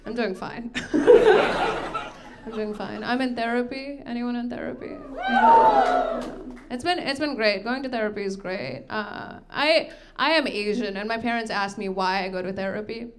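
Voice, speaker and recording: A woman's voice: fairly high pitch, big pitch swings, normal speed, hardly any pauses, heavy background noise. A young woman from Texas doing a stand-up set in a comedy club, dry and self-deprecating, laughing into her own lines. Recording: live club audio with loud crowd laughter.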